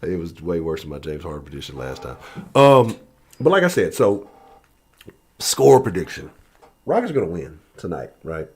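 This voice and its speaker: A man's voice: deep voice, sing-song, moderate pace, long pauses, darkish tone, slightly rough. A man hosting his sports channel in a casual live-stream chat from his home office, profane and loose.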